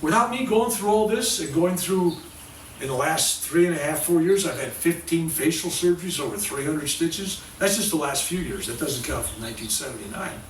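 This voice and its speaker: An older man speaks at a self-healing workshop with a slightly raised voice, acting out the voices in his own story with lively swings. He is picked up from a distance in an echoing room, with faint ambience behind him. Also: on the high side, moderate pace, a little hiss or hum. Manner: animated storytelling, acting out dialogue. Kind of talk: spiritual workshop lecture. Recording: roomy sound from a distant mic.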